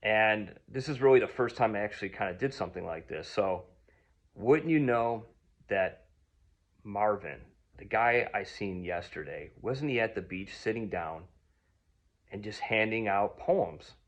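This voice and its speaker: Slightly low-voiced man telling a rambling story. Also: lively intonation, a little slow. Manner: rambling, many ums and restarts. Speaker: vlogger. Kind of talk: casual storytelling.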